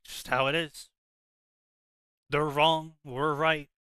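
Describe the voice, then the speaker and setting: A man talks in a loose, opinionated ramble, restarting his sentences as he goes. His voice is very bright and crisp, and it sits a little high. The sound is close and dry. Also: flat delivery, slow pace, no room sound, rough recording. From South Jersey, USA. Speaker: podcast co-host. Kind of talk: casual chat.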